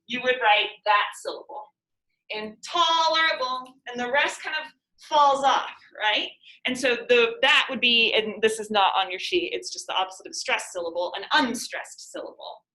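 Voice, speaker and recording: A woman's voice: a little high, moderate pace, sharp tone, echoey room, poor audio. A woman teacher explaining a lesson to students in a classroom, patient and using everyday examples.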